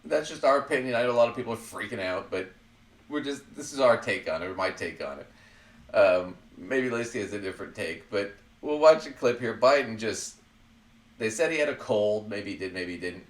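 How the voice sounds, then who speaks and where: A man's voice: fairly low pitch, animated, fairly quick. A man hosting a podcast, chatting casually about politics in a blunt, profane way, often laughing at his own jabs. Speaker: podcast host. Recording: roomy sound, far from the mic.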